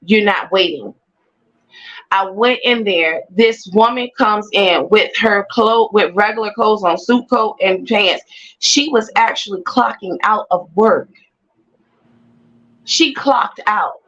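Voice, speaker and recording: A woman telling her personal testimony as an animated storyteller who repeats phrases for emphasis. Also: medium pitch, takes it slowly, highs cut off. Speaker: guest sharing a personal testimony.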